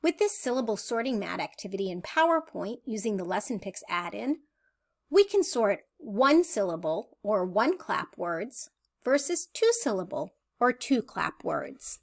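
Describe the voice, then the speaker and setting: A woman presenter giving a clear, deliberate teacherly voice-over narration about early reading. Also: medium pitch, big pitch swings. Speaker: assistive technology presenter.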